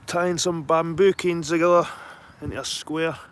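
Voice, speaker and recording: A man's voice: on the high side, fairly even intonation, normal speed, clear, resonant tone. A middle-aged man, chatting casually and rambling to live viewers while walking round his allotment outdoors, speaking into a handheld phone. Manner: rambling, sweary, matter-of-fact. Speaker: livestreaming vlogger.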